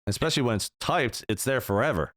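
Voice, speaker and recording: A man's voice: mid-range voice, quick pace, no room sound, clean studio sound. A young adult man co-hosting a business podcast, talking casually and acting out example dialogue with lots of fillers. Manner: animated, acts out quoted dialogue, many "like" fillers. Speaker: podcast co-host.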